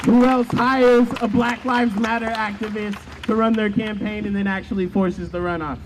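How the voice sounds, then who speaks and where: A man's voice: sits high, fairly even intonation, normal speed. A man giving a fiery, rhetorical speech at an outdoor street protest. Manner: fiery, rhetorical, chants with crowd. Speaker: protest speaker. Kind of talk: impassioned rally speech. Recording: loud crowd and street noise.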